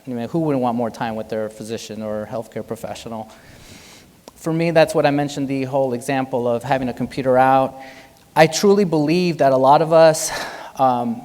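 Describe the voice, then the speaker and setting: Male physician, keynote speaker, casual and lively, roomy hall reverb. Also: mid-range voice. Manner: animated, conversational, jokes with the audience. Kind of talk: conference keynote talk. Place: large hotel conference hall.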